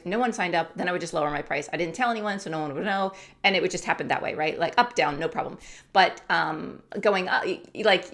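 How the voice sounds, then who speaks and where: A woman in her thirties vlogging casually to camera, chatty and animated, acting out her own thoughts. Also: lowish voice. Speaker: YouTube coach and vlogger. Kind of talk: casual talking-to-camera vlog.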